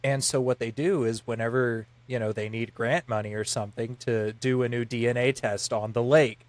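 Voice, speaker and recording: A man's voice: medium pitch, fairly even intonation, moderate pace, no room sound. A man co-hosting a podcast in casual chat, rambling through explanations with lots of filler words. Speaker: podcast co-host.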